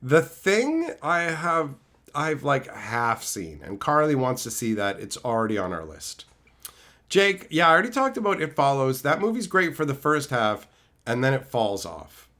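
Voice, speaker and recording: A man's voice: medium pitch, wildly swooping pitch, normal speed, sharp tone. A man from Canada chatting casually on a livestream, answering chat messages with sarcasm, swearing and bursts of exasperation. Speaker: streamer reading chat.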